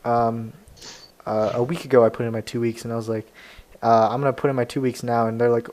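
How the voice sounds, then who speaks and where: A man's voice: medium pitch, flat delivery, fast talker, noisy background. A young man, a podcast co-host, telling a rambling story in casual chat and laughing often. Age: young adult.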